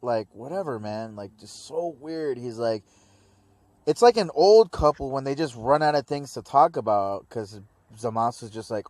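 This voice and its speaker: A man's voice: mid-range voice, expressive, moderate pace, a little mellow, no room sound. A man giving a casual, rambling anime episode review, full of slang like dude and man.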